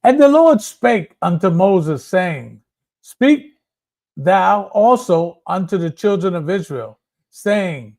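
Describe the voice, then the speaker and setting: A man with a high, lively voice reads scripture aloud in a Bible study. He takes the verses slowly and carefully, with his pitch rising and falling a lot across each line. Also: vocal fry. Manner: slow, careful reading. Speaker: scripture reader.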